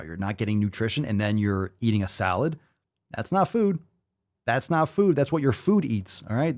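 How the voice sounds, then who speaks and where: A man's voice: fairly low pitch, darkish tone. A man hosting a podcast, ranting with blunt, profane, sarcastic commentary and mocking asides. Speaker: podcast host.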